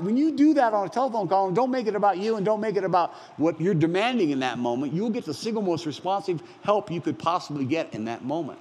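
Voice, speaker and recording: A pastor in his sixties preaching a conversational, animated sermon with self-deprecating asides. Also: a little high, normal speed, slightly rough. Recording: long hall reverb, faint ambience.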